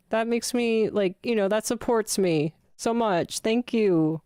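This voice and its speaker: A woman's voice: fairly high pitch, unhurried, few pauses, darkish tone, clean tone, no echo, studio quality. A young adult woman livestreaming games, chatting casually with her viewers and gushing when thanked. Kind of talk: casual gaming livestream chat.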